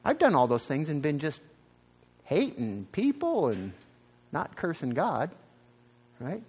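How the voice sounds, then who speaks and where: A man from the American Midwest preaching a sermon as a pastor. He tells stories in an animated way and jumps up in pitch for emphasis. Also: slow, slightly rough.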